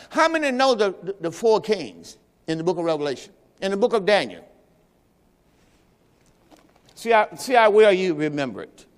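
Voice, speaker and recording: A man's voice: fairly high pitch, sing-song, fast talker. A man preaching a sermon, teaching in a loose conversational way and quizzing his congregation. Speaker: pastor. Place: church sanctuary. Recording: long hall reverb.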